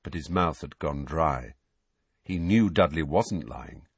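Husky-voiced male storybook narrator. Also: extremely low pitch, takes it slowly, dry recording. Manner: expressive storytelling. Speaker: audiobook narrator. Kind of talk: scripted narration.

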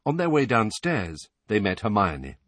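A man narrating a fantasy audiobook in a low, husky voice. His reading rises and falls expressively, close to the mic in a dry space. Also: sing-song, unhurried, fairly bright tone, no room sound.

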